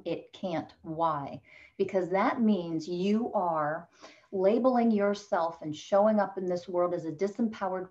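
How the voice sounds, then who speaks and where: A woman's voice: fairly low pitch, dark tone, lo-fi sound. A woman coach speaking as a podcast guest, emphatic and motivational, growing impassioned as she makes her points. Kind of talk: podcast interview.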